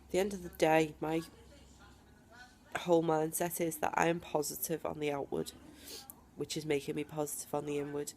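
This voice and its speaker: A woman talking straight to camera from home in a personal video diary, emphatic and defiant, with deliberate pauses. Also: low voice, monotone, a little mellow, a little hiss or hum. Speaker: vlogger.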